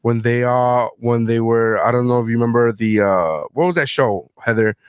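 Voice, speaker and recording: A man's voice: mid-range voice, normal speed, clear, resonant tone, dry recording. A middle-aged man tells rambling, profane stories on a casual talk show. He sounds close to the microphone in a dead, dry room. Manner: profane storytelling, animated. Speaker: podcast host. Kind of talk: casual chat.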